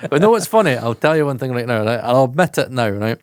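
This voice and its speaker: A Scottish man co-hosting a podcast about audio engineering, talking excitedly and swearing freely. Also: fast talker, smooth, dry recording, clean studio sound. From Scotland. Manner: excitable, swears freely, jumps pitch in animated asides. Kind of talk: casual podcast chat.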